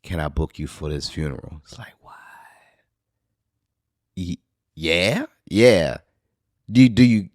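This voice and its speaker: A man from New Orleans with a local accent, hosting a podcast and telling a rambling, profane story in casual monologue, now and then jumping into high excited bursts. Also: takes it slowly, pauses often, no room sound, studio quality. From New Orleans, USA. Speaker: podcast host.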